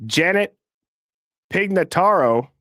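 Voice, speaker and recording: A man hosting a live call-in stream, talking fast and casually as he reads out viewer names. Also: sits high, expressive, no echo, clean studio sound. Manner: fast, casual, shouting out names in quick succession. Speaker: host of a live call-in show.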